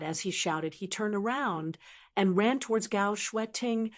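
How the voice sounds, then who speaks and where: A woman narrating a martial arts audiobook in steady, even storytelling. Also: medium pitch, a little slow. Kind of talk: scripted narration.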